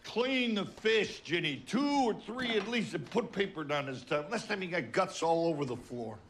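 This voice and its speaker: A gruff blunt working-class father. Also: on the high side, sing-song, moderate pace, a little hiss or hum. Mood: bossy. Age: middle-aged.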